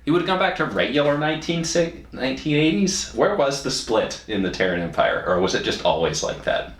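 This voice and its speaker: A man's voice: medium pitch, big pitch swings, a little fast. A man co-hosting a casual review chat, joking and rambling with fillers and restarts. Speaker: podcast co-host reviewing a show. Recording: echoey room with faint noise.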